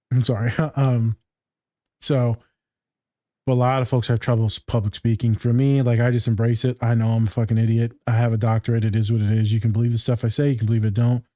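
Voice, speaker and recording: A man's voice: medium pitch, level tone, fairly quick, long pauses, dark tone, no room sound, clean studio sound. A man co-hosting a casual podcast, blunt and joking, rambling through his points. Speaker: podcast co-host.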